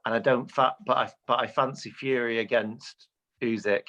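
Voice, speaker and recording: A British man co-hosting a casual podcast chat, talking in quick bursts with stammering repeats. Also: mid-range voice, fairly bright tone. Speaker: podcast co-host.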